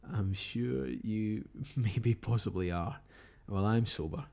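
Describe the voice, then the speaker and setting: Slow and lowish, his gravelly, mellow voice carries a Scottish host through live overnight results coverage. In a casual radio-style broadcast, he muses, chats and reads out tweets, updates and messages.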